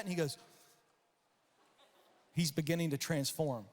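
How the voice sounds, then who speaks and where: Animated male keynote speaker in a reverberant hall. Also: a little high, a little slow, pauses often, husky. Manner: animated storyteller acting out voices and shouts. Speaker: conference speaker. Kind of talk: storytelling keynote talk. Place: large conference hall.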